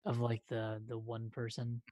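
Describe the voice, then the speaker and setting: A man's voice: mid-range voice, completely flat delivery, dark tone, dry recording. Man, podcast co-host, easy listener, dry close sound. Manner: responsive listener, quick laughs and short reactions. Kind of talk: casual chat.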